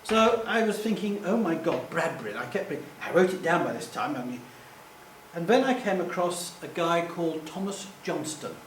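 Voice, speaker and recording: A man's voice: on the high side, sing-song, moderate pace. Rambling man in an echoey hall. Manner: rambling, self-deprecating, jokey. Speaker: public speaker. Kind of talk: anecdotal live talk. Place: hall with live audience. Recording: echoey room, distant mic, faint hum.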